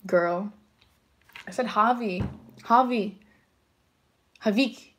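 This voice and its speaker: A young woman chatting casually on a livestream, giggling and reacting excitedly to viewer comments. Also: mid-range voice, takes it slowly, slight background noise. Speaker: livestream tarot reader.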